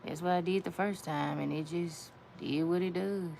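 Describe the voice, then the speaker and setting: A woman's voice: on the low side, fairly even intonation, moderate pace, gravelly, a little mellow. A woman giving a casual nail art tutorial, chatty, repeating her phrases and talking to viewers as y'all. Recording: faint background noise.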